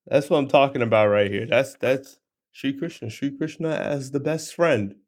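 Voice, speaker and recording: A man's voice: mid-range voice, moderate pace. A man in his twenties reading a scripture chapter aloud and commenting on it in an emphatic, casual, slangy way. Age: 20s. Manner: animated, emphatic, slangy asides.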